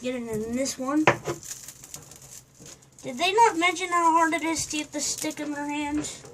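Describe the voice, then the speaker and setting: A woman vlogging casually as she unboxes a puppet, playful and excitable, with some casual swearing. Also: high voice, unhurried, noisy background. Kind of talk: casual goofy chat.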